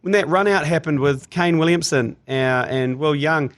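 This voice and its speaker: With a fairly high pitch and a moderate pace, this Kiwi podcast host chats casually about sports. He tells jokey stories in an animated way, laughing as he goes.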